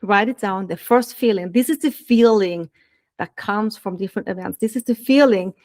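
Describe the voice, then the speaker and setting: A woman's voice: mid-range voice, moderate pace, darkish tone. A woman dating coach speaking earnestly to listeners in a podcast monologue, repeating key phrases for emphasis.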